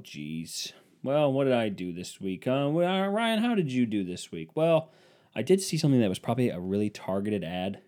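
A young man hosting a casual comedic monologue, sarcastic, swinging from loud bursts to muttered grumbling. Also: medium pitch.

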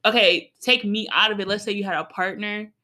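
A woman's voice: mid-range voice, brisk. A woman in casual chat, talking bluntly and teasingly and acting out quoted lines. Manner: blunt, teasing, animated storytelling with quoted asides.

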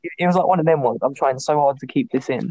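A man's voice: medium pitch, racing, darkish tone, no room sound, low-quality recording. A young man co-hosting a podcast, casually telling school stories and laughing through his own anecdotes. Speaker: podcast co-host.

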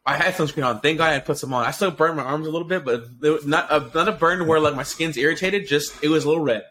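Quick-paced and fairly high in pitch, the man comes through with slight background noise. He's co-hosting a laid-back podcast, an excitable storyteller who swears freely and rambles on with restarts and fillers.

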